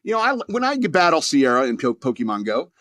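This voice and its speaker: A man's voice: medium pitch, very animated, a little fast, fairly bright tone, no echo. Man ranting sarcastically, dry close sound. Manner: rambling, sarcastic, laughs at own jokes; crude and mock-angry. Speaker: podcast host. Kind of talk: casual comedic rant.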